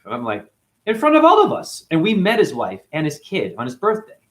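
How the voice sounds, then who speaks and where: An emotional man tells a personal story about being mistreated at his cleaning job. His pitch swings widely, leaping up when he quotes people and dropping low when he sighs over the hurt. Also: huge pitch swings, a little fast. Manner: emotional, recounting grievances with acted quotes. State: chronic hip pain. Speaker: janitor.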